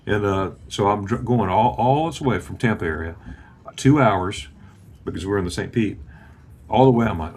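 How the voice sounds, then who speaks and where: A man's voice: lowish voice, expressive, moderate pace, darkish tone, slight background noise. A man in his fifties from Florida, telling a personal story in a casual chat and acting out the voices of the people in it. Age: 50s. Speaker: guest.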